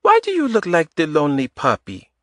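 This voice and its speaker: Blunt teasing woman w light eastern european accent, a guy reading her, lifted way up high, dry close sound. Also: huge pitch swings, brisk, dry recording. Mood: soft teasing. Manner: blunt, drops little words, teasing. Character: woman in her early thirties, teasing, warm, stubborn. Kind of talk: audiobook character voice.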